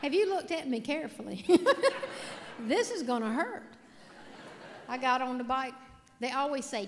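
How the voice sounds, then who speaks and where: High-voiced woman telling stories on stage. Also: lively intonation, measured pace, long pauses, long reverb tail, slight background noise. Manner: folksy, self-mocking storytelling with audience questions. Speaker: motivational speaker. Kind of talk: humorous keynote speech. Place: large hall with a live audience.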